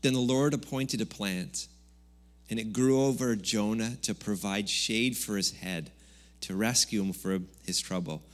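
A man with a lowish voice preaches a Sunday sermon in a relaxed, conversational way. He mixes jokes into the preaching and sometimes gets loud for emphasis. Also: measured pace. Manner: conversational, jokey preaching with sudden loud bursts. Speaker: pastor. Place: church service.

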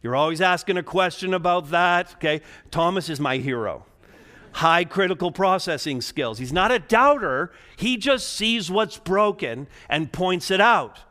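A man preaching a sermon to a congregation, moving between quiet, low passages and rising, urgent emphasis. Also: expressive, a little slow. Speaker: pastor. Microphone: preaching to a live congregation, also streamed online.

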